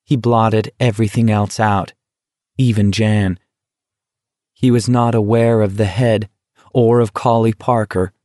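Slow, measured male audiobook narrator. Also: medium pitch, mellow, no echo, clean studio sound. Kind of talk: scripted narration.

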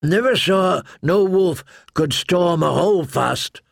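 A man's voice: sits high, takes it slowly, gravelly, no room sound, studio quality, pitched above the performer's own voice, full character voice. A man voicing a nosy, anxious young boy who talks eagerly and gets defensive.

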